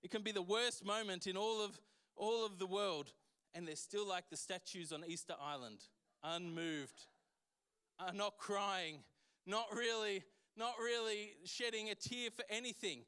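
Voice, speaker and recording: A man's voice: high-pitched, a little slow, sharp tone, smooth. A man preaching a sermon as pastor, emphatic and full of restarts and repeated words.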